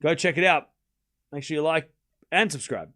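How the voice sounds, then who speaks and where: A man with a fairly high, slightly bright voice speaks at a moderate pace while hosting a live tennis watchalong stream. He calls every shot in quick bursts, chats loosely with viewers between points, and swears offhand in this casual play-by-play with chat asides.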